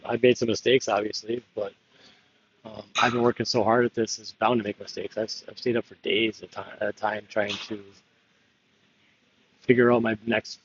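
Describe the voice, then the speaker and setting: A man's voice: fairly low pitch, a bit bright, muffled recording, slight background noise. A man talking candidly in a rambling confessional monologue, laughing often and drifting between topics. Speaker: political candidate.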